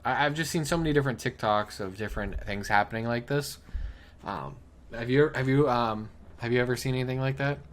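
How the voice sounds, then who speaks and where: A man's voice: mid-range voice, a little fast. A young man co-hosting a podcast, telling stories in casual chat, swearing and laughing often. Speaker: podcast co-host.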